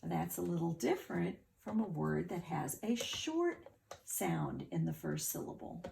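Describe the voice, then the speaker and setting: A woman's voice: lowish voice, sing-song, a little slow, creaky, a little mellow, slight background noise. A woman teacher giving a phonics lesson to children, patiently sounding words out syllable by syllable.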